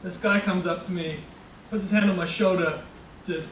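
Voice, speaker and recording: High-voiced New man telling a story. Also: fairly even intonation, normal speed, a bit bright, roomy sound, far from the mic, a little hiss or hum, low-quality recording. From New Zealand. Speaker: storyteller and interviewer. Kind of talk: casual anecdote.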